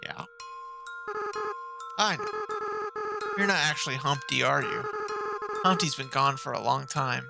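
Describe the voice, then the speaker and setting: A woman voicing a young goat monster boy from a game, tearful and remorseful, reading the dialogue softly and with feeling. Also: a bass voice, unhurried, gravelly, long pauses, heavily acted. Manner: soft, emotional reading of on-screen dialogue. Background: loud game music.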